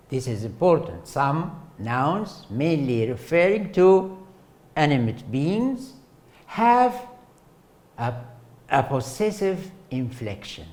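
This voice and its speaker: Male lecturer, native arabic speaker lecturing in english, slow pace, lively up-and-down pitch, halting with fillers and repeats, asks the class questions. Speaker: university lecturer. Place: lecture hall.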